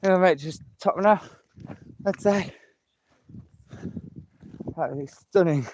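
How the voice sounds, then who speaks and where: A man's voice: high voice, takes it slowly, darkish tone. Man, casual walking vlogger outdoors, winded from the hill, repeats his praise, faint background hiss. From England. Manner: chatty, repeats himself, enthusiastic about scenery. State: out of breath walking uphill. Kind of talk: casual live walking vlog. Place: outdoors on a seaside hill path.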